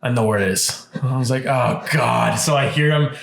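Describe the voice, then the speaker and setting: With a creaky, medium-pitched voice at normal speed, this man chats casually on a podcast he co-hosts. Recorded in an echoey room, he tells an animated story, swearing plenty and acting out people's words.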